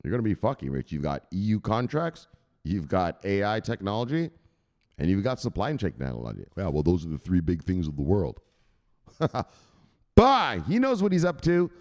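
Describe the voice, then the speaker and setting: A man hosting a crypto news livestream, chatting with viewers in a loud, profane, excitable way. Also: deep voice, moderate pace. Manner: profane, excitable, shouting "bang!" often.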